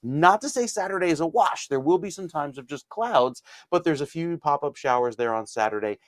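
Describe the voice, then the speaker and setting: A man giving a weather forecast on a morning radio show in a relaxed, conversational way. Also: a little high, a little fast, dry recording. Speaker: meteorologist. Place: radio studio. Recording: dry studio sound.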